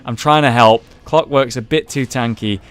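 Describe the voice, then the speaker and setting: A young man giving casual commentary over his own gameplay, ranting with frustration, swearing freely and jumping to excited shouts. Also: mid-range voice, moderate pace. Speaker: gaming YouTuber commentating his own match.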